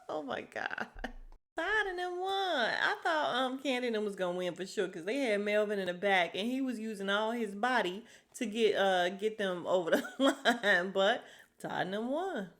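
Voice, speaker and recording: A woman's voice: medium pitch, expressive, normal speed, fairly bright tone. A woman hosting a podcast, recapping a reality show episode in a sassy, chatty way and laughing often. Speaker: podcast host.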